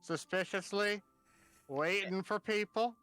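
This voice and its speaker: A man's voice: high-pitched, a little slow, sharp tone, smooth, soft background music. A man playing a tabletop game in casual chat, joking and rambling. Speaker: player.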